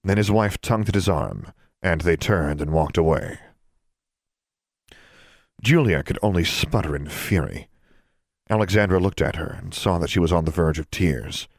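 Low voiced guy reading a storybook, steady pace, dry close mic. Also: normal speed, vocal fry, pauses often, no echo. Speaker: audiobook narrator. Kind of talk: scripted narration.

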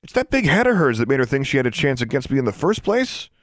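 A man's voice: sits low, animated, fast, no room sound, clean studio sound. A man voicing a smug, condescending teenage boy wizard.

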